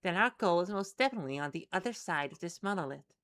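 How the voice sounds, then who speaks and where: Woman reading as a clinical doctor, brisk, measured, reassuring, bright, crisp. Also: fairly low pitch, expressive. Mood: calm. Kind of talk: reading a webcomic aloud with voices.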